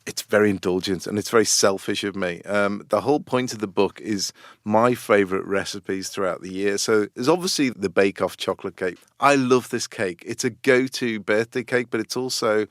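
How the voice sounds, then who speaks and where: A middle-aged British man with a fairly low voice describes cakes with relish, laughing easily. His accent is British, and the sound is close and dry, with no room around it. He talks like a baker who loves the subject. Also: normal speed, dry recording. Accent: British English. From United Kingdom. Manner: enthusiastic, descriptive, laughs often. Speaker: baker and cookbook author. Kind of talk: radio interview.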